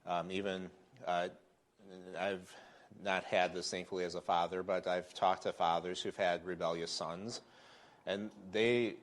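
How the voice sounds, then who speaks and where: Deep-voiced man teaching Sunday School. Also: steady tone, a little slow. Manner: conversational, with fillers and restarts. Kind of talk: Bible lesson. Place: church classroom.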